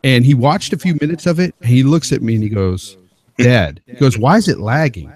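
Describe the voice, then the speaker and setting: A man's voice: mid-range voice, brisk. A man, a father of a twelve-year-old, telling a story in casual podcast chat over a home mic. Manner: storytelling, animated retelling. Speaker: podcast co-host.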